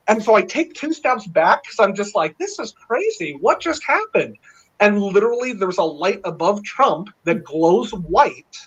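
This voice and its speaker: A middle-aged man telling a long story in casual chat, rambling and excited, with many fillers. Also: high voice. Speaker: panel guest. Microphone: video call. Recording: dull lo-fi online call audio.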